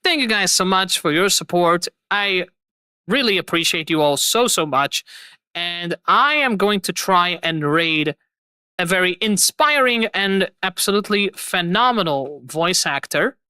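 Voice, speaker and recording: Effusive young woman streamer, bright, dry. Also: on the low side, lively intonation, a little slow, clear, resonant tone, no echo. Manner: effusive, rambling, repeats thanks. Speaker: streamer host. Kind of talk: casual live-stream sign-off chat.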